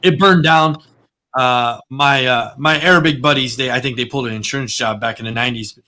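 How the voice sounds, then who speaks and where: A man's voice: medium pitch, fairly quick, sharp tone, low-quality recording. A man hosting a podcast, chatting casually and telling rambling, profane stories full of repeated words. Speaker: podcast host.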